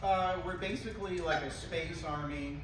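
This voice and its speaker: Laid-back improv guy rambling on stage, slightly high voice, roomy, noisy. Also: moderate pace. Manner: laid-back, mumbly, filler-heavy. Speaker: guest, improv theater co-owner. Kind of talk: live talk show interview. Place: comedy club stage. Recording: roomy, far mic, noisy.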